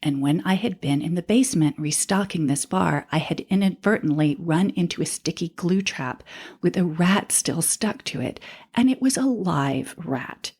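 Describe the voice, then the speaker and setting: A woman's voice: fairly low pitch, lively intonation, normal speed, a little mellow, husky. A woman co-hosting a casual podcast, reading a transcribed story aloud and laughing easily. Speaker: podcast co-host.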